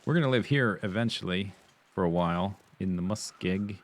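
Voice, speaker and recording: Low-voiced man rambling over gameplay. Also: normal speed. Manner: playful, muttering nonsense sounds to himself. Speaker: streamer. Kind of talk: casual gameplay commentary.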